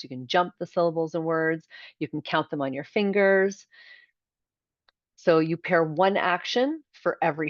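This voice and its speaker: Low-voiced teacher demonstrating speech sounds. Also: female voice, no room sound, lo-fi sound. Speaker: kindergarten teacher presenting a workshop. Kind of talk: online workshop presentation. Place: video call.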